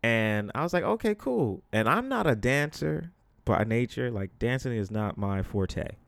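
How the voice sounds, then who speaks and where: A man's voice: medium pitch, expressive, measured pace, gravelly, fairly bright tone, dry recording. A young man hosting a podcast, telling a story in a casual, emphatic, slangy way and swearing freely. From the Bronx, New York. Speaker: podcast host.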